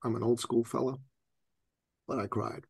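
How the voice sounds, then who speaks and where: Gravelly-voiced man telling a story. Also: mid-range voice, moderate pace, dry recording. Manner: animated storyteller, laughs often, acts out quotes. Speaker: guest. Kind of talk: personal storytelling in conversation.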